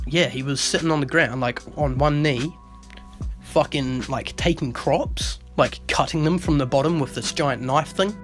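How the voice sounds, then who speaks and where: A young man telling a rambling story in a casual vlog, swearing heavily and getting animated. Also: medium pitch. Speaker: vlogger.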